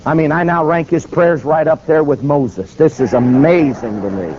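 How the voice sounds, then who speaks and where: A man's voice: fairly high pitch, normal speed, noisy background. A man preaching in storytelling style, acting out the dialogue as he goes, in a muffled recording with faint ambience. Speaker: preacher and attorney. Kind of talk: sermon storytelling.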